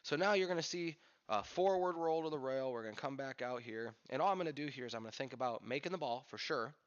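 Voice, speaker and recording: Here a man gives running instruction while shooting pool, coaching candidly as he reasons aloud. He talks quickly with lively intonation, and his medium-pitched voice is clear and resonant despite the dull, lo-fi capture.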